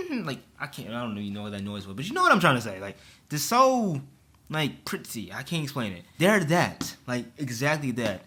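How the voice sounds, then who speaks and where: A man's voice: mid-range voice, wildly swooping pitch, normal speed, bright, forceful tone. A young man telling a storytime rant in a casual, profane, slangy way. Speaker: vlogger.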